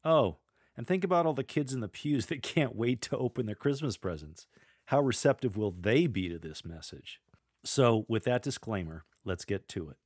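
A middle-aged man teaching church lectors how to proclaim a reading, measured and deliberate, pausing to model the lines. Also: mid-range voice, animated, darkish tone, no room sound, studio quality. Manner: measured, demonstrates readings aloud with deliberate pauses. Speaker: lector coach. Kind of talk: instructional podcast on scripture reading.

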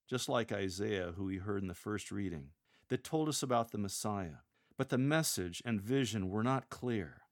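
A man giving measured, explanatory coaching on how to read scripture aloud, slowing down to model the phrasing. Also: lowish voice. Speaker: lector coach. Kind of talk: instructional talk on reading scripture aloud.

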